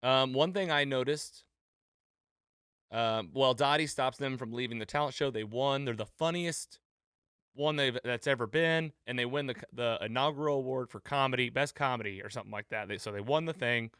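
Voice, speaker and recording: A man's voice: mid-range voice, moderate pace, clear, resonant tone, dry recording, clean studio sound. A man co-hosting a casual podcast, recapping an episode with frequent laughter and acted-out quotes. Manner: animated, laughs often, acts out quoted lines. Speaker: podcast co-host.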